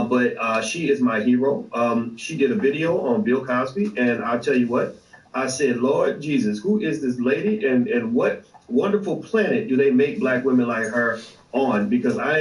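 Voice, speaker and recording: A man hosting a casual livestream, talking animatedly with swearing and lots of fillers. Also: mid-range voice. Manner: animated, profane, many fillers and restarts. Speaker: host of an online show. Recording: echoey room, distant mic.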